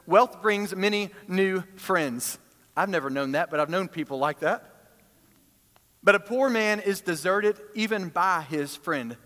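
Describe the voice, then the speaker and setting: A man preaching a sermon, emphatic, swinging between loud high bursts and quiet low stretches. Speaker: pastor. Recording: long hall reverb.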